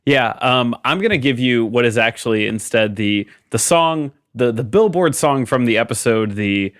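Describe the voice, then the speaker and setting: A man pitching an idea to a comedy panel with excitement, laughing now and then. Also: normal speed, no echo, studio quality. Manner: excited, breaks into sung quotes and laughs. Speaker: podcast panelist.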